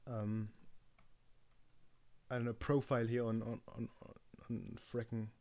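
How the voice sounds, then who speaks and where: A young man live-streaming, exasperated, swinging between muttered complaints and loud outbursts. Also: medium pitch, level tone, measured pace. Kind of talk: frustrated live-stream chatter.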